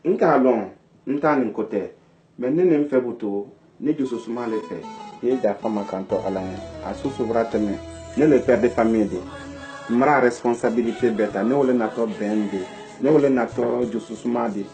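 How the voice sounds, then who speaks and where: A man acting as a family father who scolds his children and then calmly makes peace, in a family skit. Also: medium pitch, a little fast, soft background music, natural voice, low-quality recording. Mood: calm pleading. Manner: firm, scolding, then calm and reconciling. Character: stern family father, middle-aged man. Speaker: father of the household.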